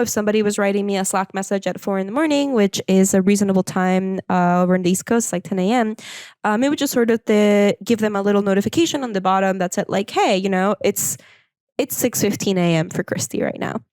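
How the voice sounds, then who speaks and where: A woman with a mid-range voice speaks in a relaxed, animated podcast chat and laughs easily. Her voice is recorded close and dry, with no room sound. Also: mid-range voice, no echo. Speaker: podcast guest. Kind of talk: casual podcast conversation.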